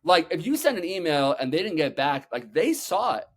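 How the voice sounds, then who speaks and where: A man guest on a podcast, telling energetic stories with loose swearing and many "like"s. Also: on the high side. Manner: energetic, acts out quotes, talks fast with many "like"s. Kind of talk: animated storytelling, casual swearing.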